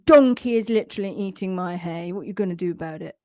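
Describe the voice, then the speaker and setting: A woman's voice: fairly low pitch, quick pace, a little mellow, no room sound, clean studio sound, pitched below the performer's own voice, lightly acted. A woman voicing an indignant male Shetland pony who grumbles about his food, in an attempted Scottish accent.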